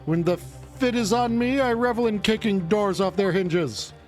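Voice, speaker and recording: Dude putting on a showy posh detective, all old-timey bluster, faint music behind. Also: male voice, high-pitched, unhurried, darkish tone. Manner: old-fashioned, theatrical phrasing. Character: pompous, excitable British gentleman detective.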